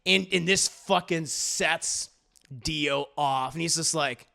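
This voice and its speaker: A young man recapping a TV episode in a casual, animated, profane way, stammering often. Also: fairly high pitch, slow pace, gravelly. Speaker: TV reviewer.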